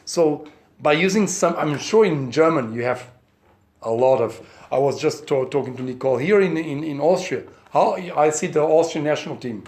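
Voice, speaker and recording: A man's voice: a little high, darkish tone. A middle-aged man from Portugal with a Portuguese accent, an author speaking English at a press conference. He talks in a chatty way and explains his points through anecdotes and examples.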